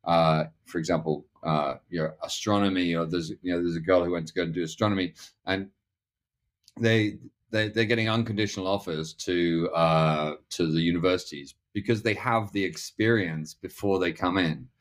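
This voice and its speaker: A man's voice: sits low, normal speed. A middle-aged man talking as a podcast guest, rambling with many restarts and fillers. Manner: acts out other people's lines in quoted voices. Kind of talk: casual conversational interview.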